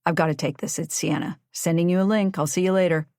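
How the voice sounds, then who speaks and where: A clipped, businesslike male attorney, read by a woman narrator, delivered in a low voice that stays close to her own. The tone is matter-of-fact, and the recording is dry and close. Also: steady tone, fast, a little mellow, dry recording, natural voice. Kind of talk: audiobook dialogue reading.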